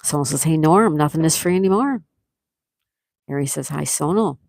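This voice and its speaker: A low-voiced woman with a gravelly edge and a Buffalo, New York accent hosts a relaxed live stream. She reads viewers' comments aloud and answers each one in a chatty way. Her voice is dry and close, with no room sound. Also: moderate pace, dry recording. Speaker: livestream host. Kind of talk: casual live-stream chat.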